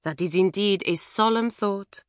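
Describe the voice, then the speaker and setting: A woman voicing a plump, effusive middle-aged French schoolmistress with a French accent, loud and exclamatory. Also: mid-range voice, unhurried, no echo, studio quality, natural voice. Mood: fussing. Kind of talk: audiobook character voice.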